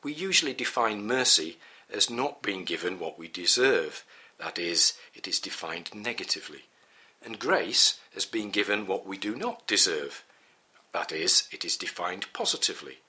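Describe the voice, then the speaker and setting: A middle-aged man reading a Bible teaching in a measured, earnest way. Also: sits low, sing-song, bright, forceful tone. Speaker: preacher.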